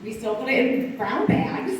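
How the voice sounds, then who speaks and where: A woman in her thirties from Connecticut doing a rambling stand-up set with dark humor and lots of asides. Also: a little high, very animated, unhurried, a little hiss or hum. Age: 30s. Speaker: stand-up comic. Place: small live performance venue. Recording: distant echoey room mic.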